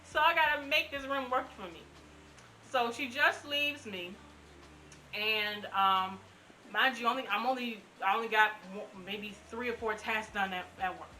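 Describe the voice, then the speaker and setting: A woman in her twenties telling her own story in a casual, animated way, acting out what people said. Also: a little high, normal speed, a little hiss or hum, rough recording. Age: 20s. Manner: animated, acts out quotes. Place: room at home.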